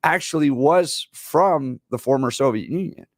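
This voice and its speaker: Ożywiony gospodarz radiowej rozmowy. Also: male voice, medium pitch, measured pace, no echo, clean studio sound. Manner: animated storyteller, laughs while telling anecdotes. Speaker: radio talk show co-host. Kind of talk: casual radio talk.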